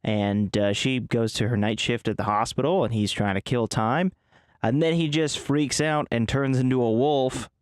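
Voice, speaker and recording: A man's voice: medium pitch, steady tone, normal speed, smooth, no room sound, studio quality. A man co-hosting a podcast, casually retelling a film's plot in a rambling way with lots of fillers. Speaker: podcast co-host. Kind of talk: casual movie recap chat.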